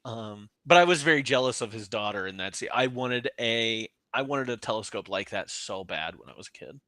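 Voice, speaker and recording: A man co-hosting a casual movie podcast, chatty and quick to laugh. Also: lowish voice, lively intonation, sharp tone, dry recording. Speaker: podcast co-host.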